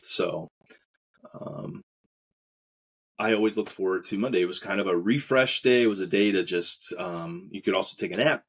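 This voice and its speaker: A man's voice: sits low, moderate pace, breathy edge. A man hosting a podcast, telling a personal story in a casual, rambling way with many fillers and acted-out quotes. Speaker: podcast host.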